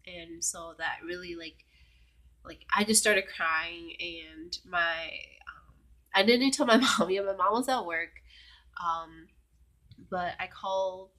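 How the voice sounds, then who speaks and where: Young woman vlogging, slightly low voice, lots of "like", goes quiet and whispery sometimes. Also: takes it slowly. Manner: chatty, full of "like" fillers, drops to a whisper at times. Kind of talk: casual storytelling vlog.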